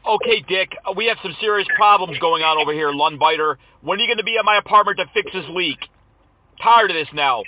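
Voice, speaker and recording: Fast, high-voiced man prank calling. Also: far from the mic, narrow, tinny audio. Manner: mock-indignant, needling complaints. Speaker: prank caller trolling scammers. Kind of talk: prank phone call.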